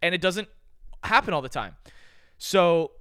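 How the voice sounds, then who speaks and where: A young man telling a story on a podcast, casual and animated, with loose slang and swearing. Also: high-pitched, unhurried, clean tone, dry recording, clean studio sound. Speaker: podcast co-host.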